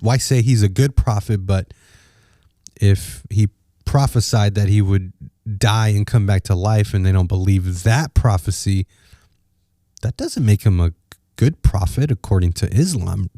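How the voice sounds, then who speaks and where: A male podcast host talks through his opinions in an unhurried, conversational way, often restarting phrases as he thinks. His voice is low and mellow, recorded dry and close. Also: no room sound.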